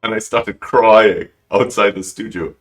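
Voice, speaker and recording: A man with a very low, deep voice tells a personal story as a podcast guest. He is emotional and animated, leaping up in pitch when he acts out what people said, and he often breaks off and restarts his sentences. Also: measured pace, soft background music. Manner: animated, acts out quoted lines with big pitch jumps. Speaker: guest calligrapher.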